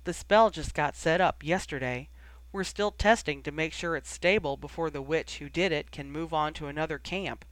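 A man's voice: a little high, moderate pace, a bit bright, no room sound, lightly acted. A man voicing a cheerful young male dragon keeper, breezy and teasing in his talk.

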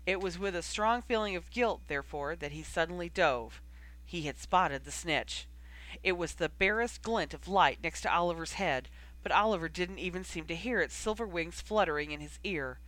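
A reader narrating a fan fiction audiobook with steady, expressive storytelling. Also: medium pitch, normal speed, poor audio.

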